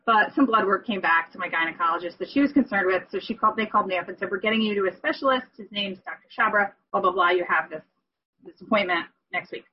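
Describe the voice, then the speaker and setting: A woman's voice: mid-range voice, fast talker, slightly rough, highs cut off. A woman candidly sharing a personal story in a group call, rambling and correcting herself as she goes. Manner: rambling, self-correcting, emotional.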